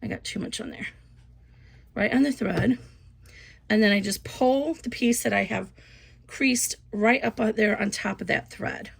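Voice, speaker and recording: A woman casually explaining a sewing project step by step, relaxed and chatty with frequent ums. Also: on the high side, measured pace, gravelly, long pauses, breathy edge. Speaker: sewing instructor. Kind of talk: casual craft tutorial.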